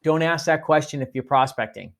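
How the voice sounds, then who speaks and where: A man's voice: on the high side, brisk, vocal fry. A man giving a sales training talk, coaching listeners and acting out sample phone greetings. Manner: coaching, demonstrates phone lines.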